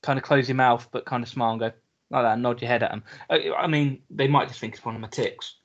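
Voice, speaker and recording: A man's voice: medium pitch, steady tone, quick pace. A British man co-hosting a podcast in a casual chat, dry and wry, swearing casually. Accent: British English. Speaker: podcast co-host. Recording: dull lo-fi sound.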